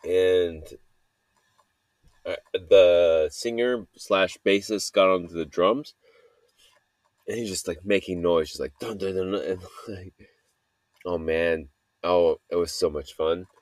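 Male solo podcast host: deep, unhurried, halting and self-critical, in a dry room. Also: steady tone, no echo. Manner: halting, full of fillers and restarts, self-critical. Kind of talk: rambling solo podcast monologue.

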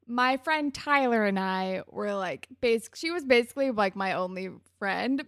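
Bright-voiced young woman podcaster. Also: mid-range voice, lively intonation, unhurried, clean tone, no echo, studio quality. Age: young adult. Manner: chatty, self-mocking storyteller. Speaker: podcast co-host. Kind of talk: casual recap chat.

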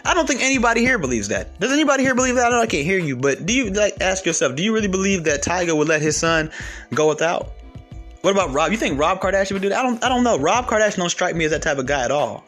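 A man, telling a story to camera in a blunt, animated rant. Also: high-pitched, fast, faint music behind. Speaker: vlogger. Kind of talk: casual monologue to camera.

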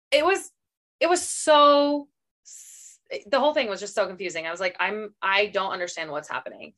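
A woman's voice: mid-range voice, brisk, a bit bright. A woman co-hosting a casual book club podcast, reacting in a bemused way. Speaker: podcast co-host.

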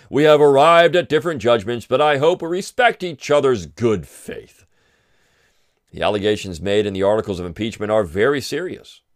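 A man's voice: mid-range voice, no echo, studio quality. A middle-aged man hosting a podcast, giving sarcastic political commentary and pretending to choke up with tears. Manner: mock-tearful, sarcastic pauses. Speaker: podcast host.

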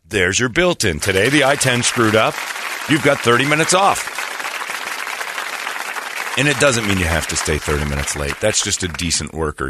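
A man hosting a radio show, chatting casually and telling a rambling, animated story with a jokey, irreverent edge. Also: sits low, background noise. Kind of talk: casual on-air banter.

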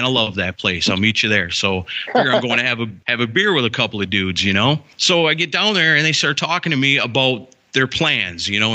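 A man from Wisconsin, a ring announcer and guest, telling stories in casual chat and acting out the dialogue. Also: mid-range voice. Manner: animated, acts out quoted dialogue.

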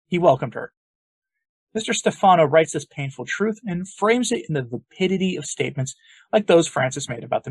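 A man's voice: fairly high pitch, breathy edge, no room sound. A man hosting an opinion podcast, talking in an emphatic, sarcastic, argumentative way. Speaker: podcast host.

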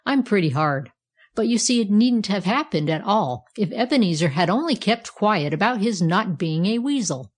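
A woman's voice: medium pitch, expressive, moderate pace, natural voice. A woman reading aloud, voicing a talking male iron andiron who tells a tall tale in a matter-of-fact way. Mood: telling. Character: boastful old male iron andiron storyteller.

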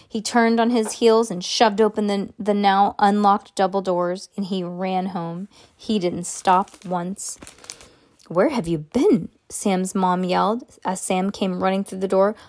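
A woman reads a children's chapter book aloud in a mid-pitched voice. She stumbles, restarts and fixes her words as she goes. She gives the sound words extra punch. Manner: halting, self-correcting read-aloud with lively sound words. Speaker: reader.

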